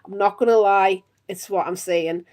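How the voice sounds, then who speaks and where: A woman's voice: medium pitch, steady tone, normal speed, darkish tone. A woman in her thirties from Northeast England with a Northeast English accent, reading tarot on a live stream and chatting to viewers with lots of giggles. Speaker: tarot reader.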